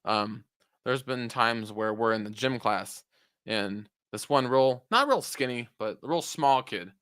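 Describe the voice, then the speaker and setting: A young man chats on his podcast in a bright, forceful voice, recorded close and dry. He rambles from story to story, stumbles over his own words and swears freely. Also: mid-range voice, animated, a little slow, no room sound. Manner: rambling, self-interrupting, swears often. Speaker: podcast co-host. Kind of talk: casual chat.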